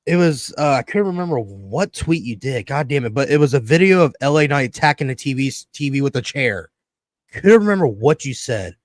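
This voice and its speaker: A man's voice: medium pitch, expressive, fairly quick, no room sound. A man co-hosting a podcast in casual chat, rambling, swearing often and acting out what others said. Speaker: podcast co-host.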